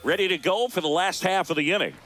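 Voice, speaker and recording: A man voicing a male baseball play-by-play announcer for a video game, calling each pitch crisply and excitably. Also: fast talker. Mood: lively. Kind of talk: scripted video game commentary. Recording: game audio with background noise.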